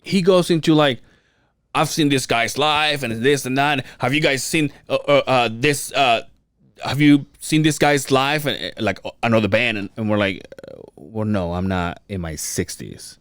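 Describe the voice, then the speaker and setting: A man's voice: mid-range voice, moderate pace, a bit bright, smooth, no room sound, studio quality. A man co-hosting a podcast in casual chat, telling a story with lots of swearing and laughter. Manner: storytelling, profane, laughs often. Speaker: podcast co-host.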